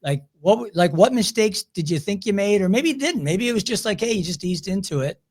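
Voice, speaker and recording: A man's voice: sits high, animated, fairly quick, darkish tone. A man with a Philadelphia accent hosting a casual interview, asking long, rambling questions full of restarts. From Chicago area. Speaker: podcast host.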